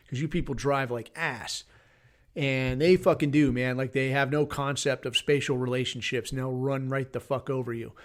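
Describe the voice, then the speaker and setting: A middle-aged man hosting a podcast, rambling through a casual, blunt and heavily profane rant. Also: medium pitch. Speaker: podcast host.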